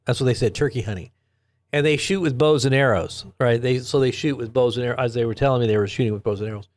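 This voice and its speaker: A man with a medium-pitched, slightly mellow voice talks quickly while hosting a late-night live news stream into his own desk microphone. He chats loosely with viewers, reads their comments, and rambles through stories.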